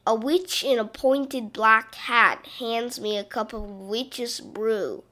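A woman reading a children's Halloween picture book aloud, slow and expressive, with playful sound effects. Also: on the high side. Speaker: storybook reader.

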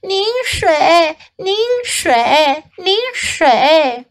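A woman's voice: sits high, expressive, very slow, full character voice. Woman doing a whiny toddler pig girl. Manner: crying, whining, baby talk.

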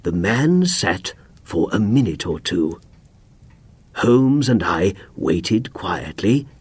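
A man narrating a graded-reader story slowly and expressively. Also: low voice, dry recording. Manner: slow, clear, expressive. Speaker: audiobook narrator. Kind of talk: scripted narration for learners.

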